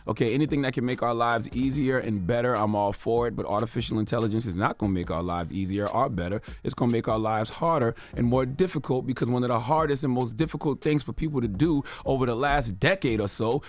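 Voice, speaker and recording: A man's voice: mid-range voice, fast talker, hardly any pauses. A man hosting a radio show, delivering an emphatic, sarcastic commentary rant. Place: radio studio.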